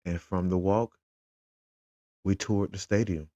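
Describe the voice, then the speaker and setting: Father, very low voice, dry slightly muffled sound, lively storyteller. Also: slow, no room sound. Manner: animated, retells conversations in quotes. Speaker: father and football fan. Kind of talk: casual storytelling vlog.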